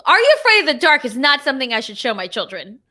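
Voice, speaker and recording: Woman co-hosting a chatty podcast, kinda high and bright, laughs and teases a lot. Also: very animated, fast. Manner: chatty, laughs often, teasing. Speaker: podcast co-host. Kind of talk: casual chat.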